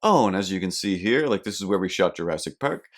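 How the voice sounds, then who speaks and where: A young man hosting a podcast, telling a rambling, self-deprecating comic story with animated asides. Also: low voice, fast. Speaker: podcast host. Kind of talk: comedic storytelling monologue.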